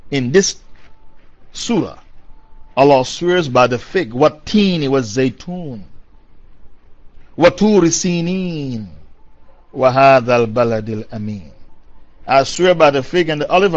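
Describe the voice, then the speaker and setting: A man's voice: high voice, a bit bright. A man giving a Quran commentary lecture who recites Arabic verses, then translates and explains them, repeating key phrases for emphasis. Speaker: preacher. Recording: dull lo-fi recording.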